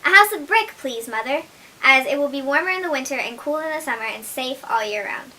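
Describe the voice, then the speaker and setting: A woman's voice: high-pitched, lively intonation, brisk, pushed and bright, a little hiss or hum. Well-behaved little storybook pig, polite and sensible, read by a woman. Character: good, sensible youngest boy pig.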